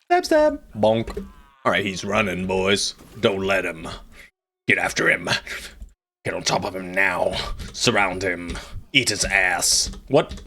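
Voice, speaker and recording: A strategy-game streamer with a lowish, creaky voice gives relaxed, playful live commentary and jokes with his viewers. He speaks at an unhurried pace with frequent pauses, barking orders at his units and swearing casually.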